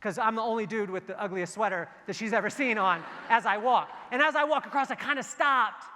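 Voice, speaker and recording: A man giving a motivational keynote in a large hall, telling stories in a lively, joking way and acting out the dialogue. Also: high voice, a little fast, a little hiss or hum. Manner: animated, jokey storytelling with acted-out dialogue. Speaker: keynote speaker. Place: large hall before a big audience. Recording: long hall reverb.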